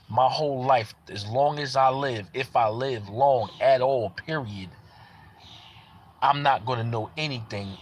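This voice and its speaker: A man's voice: mid-range voice, moderate pace, a little hiss or hum. A man giving a casual personal testimony in an earnest way, repeating phrases for emphasis. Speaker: parent sharing a personal testimony.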